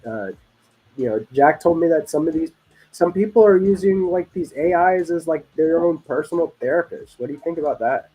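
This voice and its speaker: A man co-hosting a live stream, chatting in a relaxed, laid-back way. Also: a little high, fairly quick, breathy edge, poor audio. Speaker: co-host. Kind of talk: casual live-stream chat.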